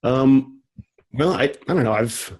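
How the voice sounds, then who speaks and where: A mid-pitched man with a husky, slightly breathy voice talks as a podcast guest. He speaks casually and hesitantly, with many fillers and restarts. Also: unhurried, a little mellow, poor audio.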